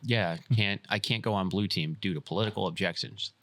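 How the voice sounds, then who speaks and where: A man co-hosting a casual podcast, talking bluntly and swearing freely as he thinks out loud. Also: fairly low pitch, a little fast, dry recording. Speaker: podcast co-host.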